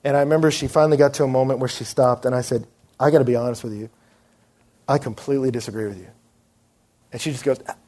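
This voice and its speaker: Young male preacher, slightly high voice, animated storyteller, sermon delivery.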